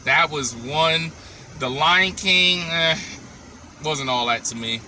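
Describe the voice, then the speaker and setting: A man with a high, very bright and cutting voice speaks straight to the camera in a casual vlog, blunt and opinionated. He repeats his verdicts again and again for emphasis. Faint traffic hums behind him outdoors. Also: slow pace. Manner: talks straight to viewers. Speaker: vlogger.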